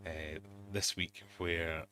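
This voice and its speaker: Speaking slowly in a low, level, bright and forceful voice, this middle-aged livestream host broadcasts casually from his fish room at home. His storytelling rambles and mocks himself, peppered with quoted asides, over slight background noise.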